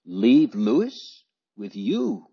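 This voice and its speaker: A man's voice: on the low side, huge pitch swings, very slow, slightly rough, full character voice. A man reading an audiobook, voicing a distressed, polite young lad who speaks hastily and stammers. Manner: stammering, hasty. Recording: dull lo-fi recording.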